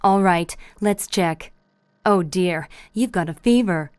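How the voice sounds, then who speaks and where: A woman reading a mother's lines in a scripted practice dialogue, calm and careful. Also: lowish voice, slow, clean tone, no echo.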